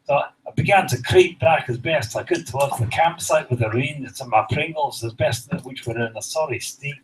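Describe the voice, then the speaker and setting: Comedian spinning a rambling tale. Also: male voice, medium pitch, brisk, a little hiss or hum, poor audio. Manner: rambling, self-deprecating anecdote with dry understatement. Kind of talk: stand-up storytelling.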